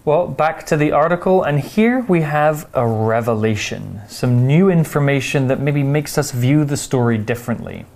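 A man teaching English vocabulary, explaining words slowly and carefully with example sentences. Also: a little high, darkish tone. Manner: slow, careful, clear explanations.

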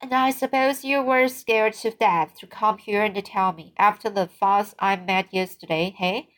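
A woman's voice: medium pitch, steady tone, natural voice, rough recording. Woman reading as a blunt old farmer. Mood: gruff. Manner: blunt, brisk, plain-spoken. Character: outspoken, hasty older male farmer.

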